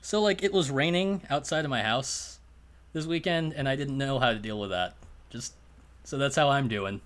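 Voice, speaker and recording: A man's voice: medium pitch, normal speed, a little hiss or hum. Joking male podcast co-host. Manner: joking, animated, laughs often. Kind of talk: casual chat.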